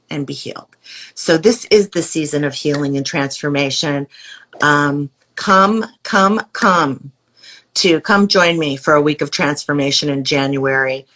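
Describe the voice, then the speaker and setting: A woman hosting a live video stream, speaking effusively and inspirationally to a guest and her viewers. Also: sits low. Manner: effusive, warm-hearted, inspirational. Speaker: host. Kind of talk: live-streamed casual chat.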